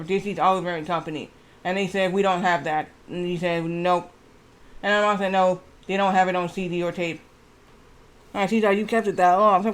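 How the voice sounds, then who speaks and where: High-voiced man rambling through a story. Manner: rambling, repeats "I said" and "she said" constantly. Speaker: streamer. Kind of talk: casual storytelling on a live game stream.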